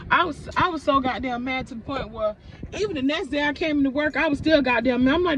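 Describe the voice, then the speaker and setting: A woman's voice: sits high, expressive, brisk. A woman ranting animatedly to camera in a casual storytime vlog, swearing freely as she talks. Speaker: vlogger. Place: indoors, filming herself. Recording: slightly dull lo-fi audio with clear background noise.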